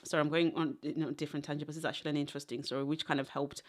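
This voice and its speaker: A woman's voice: low-pitched, level tone, rapid-fire. A young adult woman from Zimbabwe, a podcast guest, chatting casually and wandering through stories with frequent laughter. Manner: tangential storytelling, laughs often. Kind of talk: casual interview chat.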